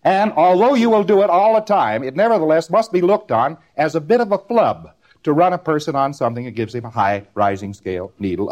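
A man's voice: on the high side, animated, a little fast, darkish tone, lo-fi sound. A man giving a recorded lecture, rambling and repeating words in rhythmic runs, often ending on a tag question.

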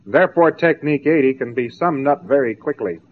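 A man's voice: medium pitch, expressive, fairly quick, a little hiss or hum. A man giving a spoken lecture, mocking and sarcastic as he tells stories to make his point. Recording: tinny narrow-band old tape.

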